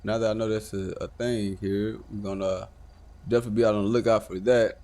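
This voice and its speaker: A man casually commenting on a live game stream, talking to himself with swearing and sudden loud outbursts. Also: lowish voice, little pitch movement, brisk.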